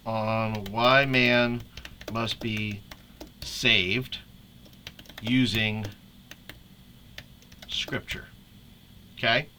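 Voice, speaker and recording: A man's voice: mid-range voice, bright, forceful tone, slight background noise. A man leading a casual tutorial for youth ministry leaders, chatty and laughing often as he restarts his sentences. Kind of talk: casual screen-share tutorial.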